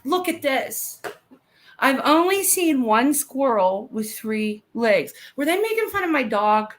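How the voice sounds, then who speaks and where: A woman in her thirties co-hosting a podcast, chatting casually, reading out live comments and telling quick stories with a lot of giggling. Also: sits high, very animated. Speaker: podcast co-host.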